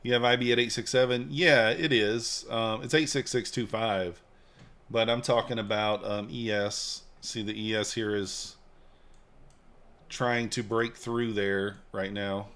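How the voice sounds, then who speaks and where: A relaxed man hosting a live stream in a loose, joking way. He chats along with his viewers and answers their comments. His voice sits at an ordinary pitch for a man. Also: normal speed. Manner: laid-back, joking, reads and answers chat. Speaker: livestream trading host. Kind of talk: casual live-stream chat.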